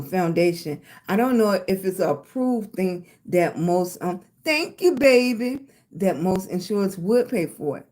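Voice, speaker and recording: A woman's voice: lowish voice, darkish tone. Chatty older Southern woman on a livestream. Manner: chatty, thanks viewers by name with endearments. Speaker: livestream host. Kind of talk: casual livestream chat.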